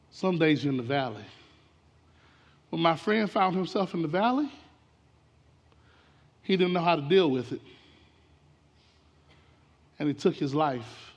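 A man preaching a storytelling sermon, talking straight to the congregation and swinging between racing and slow, drawn-out delivery. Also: a little high. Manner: animated storytelling with sudden swings in pace and loudness; talks directly to the congregation. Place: church sanctuary. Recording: long hall reverb from a church.

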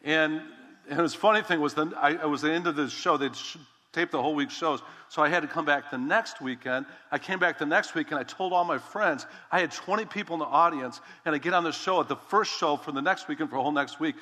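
A man in his fifties, a pastor, telling a personal story in a sermon, animated and repeating words as he acts out conversations. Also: on the high side, fast, big-room sound.

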